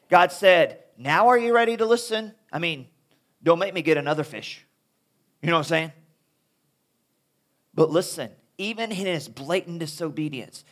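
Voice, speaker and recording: A man preaching a sermon to young people as a youth speaker, talking in an animated, conversational way. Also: high-pitched.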